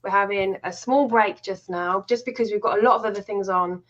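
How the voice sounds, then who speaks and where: A woman who co-hosts an online paranormal chat, speaking as a guest on a video call. She sounds apologetic and is quick to laugh. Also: mid-range voice, fairly even intonation, lo-fi sound. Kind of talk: casual live-stream chat.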